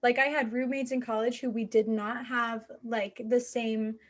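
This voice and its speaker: Brief: young woman podcast host, bright-pitched, chatty and giggly. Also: flat delivery, moderate pace. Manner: laughs often, chatty and musing. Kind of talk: casual chat.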